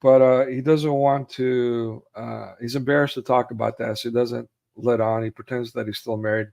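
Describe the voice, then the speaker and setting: A man at an ordinary middle pitch talks casually about his favorite movies. He retells scenes in detail, with plenty of fillers and easy laughter. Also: little pitch movement, moderate pace, vocal fry, a little mellow. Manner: retells film scenes, acting out quotes with raised voice; laughs easily, many fillers. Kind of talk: casual chat about films.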